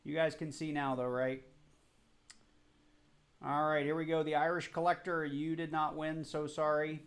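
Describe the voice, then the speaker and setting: A man's voice: fairly high pitch, little pitch movement, moderate pace. Chatty man hosting a live coin stream. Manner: chatty, apologetic, flustered. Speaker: livestream host. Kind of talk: casual live stream chat.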